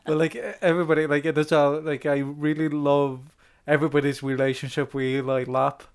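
A man's voice: a little high, flat delivery, brisk, smooth. A man co-hosting a film podcast in casual chat, enthusiastic and sweary, often restarting his sentences. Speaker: podcast co-host.

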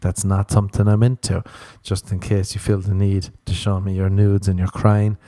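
A man's voice: low-pitched, flat delivery, normal speed, few pauses, dark tone, dry recording. A man hosting a podcast, telling rambling, profane, self-mocking stories in a casual comedic monologue. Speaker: podcast host.

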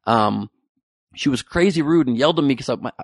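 A man's voice: medium pitch, lively intonation, a little fast, vocal fry, no echo, clean studio sound. A man delivering a sarcastic, profane topical comedy monologue with rambling asides.

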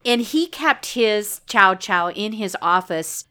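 A woman's voice: medium pitch, lively intonation, slow pace, bright, forceful tone, clean tone. A woman co-hosting a podcast, explaining a topic in casual chat and laughing often. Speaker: podcast co-host.

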